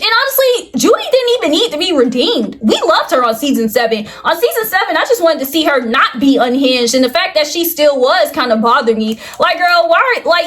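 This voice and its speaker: A young woman with a high, slightly bright voice offers casual commentary on a reality show in a vlog. She keeps dropping "like, girl" asides as she talks.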